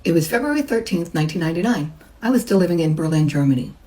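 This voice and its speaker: Woman, middle-aged, chatty storyteller, lowish voice. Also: animated, very fast, dark tone, rough recording. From United States. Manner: chatty, acts out the people she quotes. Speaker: massage therapist. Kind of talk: personal storytelling.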